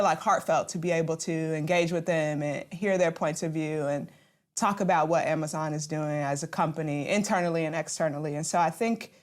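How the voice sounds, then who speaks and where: A woman reflecting aloud in a church group conversation. Her voice sits a little low. She speaks in a measured, thoughtful way and eases in with soft fillers. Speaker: church member sharing experiences.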